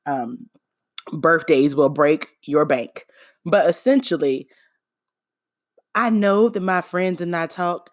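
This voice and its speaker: A woman's voice: low voice, dry recording, studio quality. A woman hosting her own podcast, talking alone in a playful, sarcastic, chatty way. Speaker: podcast host. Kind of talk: casual solo podcast monologue.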